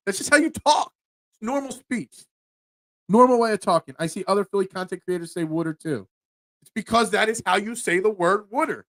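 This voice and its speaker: A man's voice: high voice, expressive, a little fast, bright, forceful tone, no echo, clean studio sound. A young man with a Philadelphia accent, hosting a casual sports talk show and getting worked up, repeating words when riled. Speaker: podcast host.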